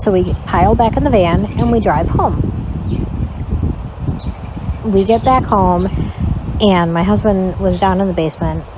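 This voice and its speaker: A woman's voice: medium pitch, a little slow, pauses often, noisy background. A woman hosting her channel, telling a personal story in a candid, rambling way with many fillers and self-corrections. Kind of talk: casual storytime while playing a game.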